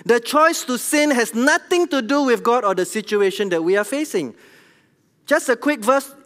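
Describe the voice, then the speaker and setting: High-voiced Singaporean preacher in a reverberant hall. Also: male voice. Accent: Singaporean English. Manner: animated, conversational, tells jokes at his own expense, asks the congregation questions. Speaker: church elder preaching. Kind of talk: sermon. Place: large church hall.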